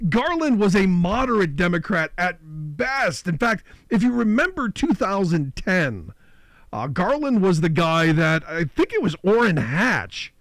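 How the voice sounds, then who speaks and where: Man, radio talk host, high voice, dry close studio sound, conversational and opinionated. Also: no echo.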